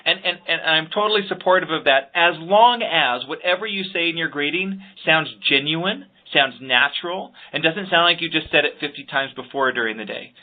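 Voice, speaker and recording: A man's voice: fairly high pitch, normal speed, hardly any pauses. A man teaching staff how to handle phone calls, speaking earnestly and with emphasis, often repeating words as he starts a point. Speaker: sales trainer. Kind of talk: podcast instruction on phone skills. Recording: phone-like lo-fi audio.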